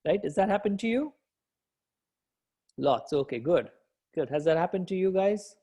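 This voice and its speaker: A man's voice: high voice, expressive, normal speed, dark tone, husky. A man coaching entrepreneurs in a live session, encouraging and repetitive, answering participants as he goes. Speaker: business coach.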